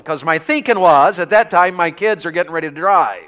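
A man preaching a revival sermon in a church, telling folksy country stories and rising to shouts. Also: sits high, lively intonation, a little fast. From rural Tennessee.

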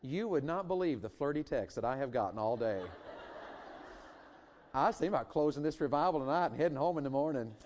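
A middle-aged man preaching a sermon in a church, swinging from loud emphatic lines to hushed intimate ones, with joking asides. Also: a little high, animated, fairly quick, a little hiss or hum. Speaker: revival preacher. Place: church sanctuary.

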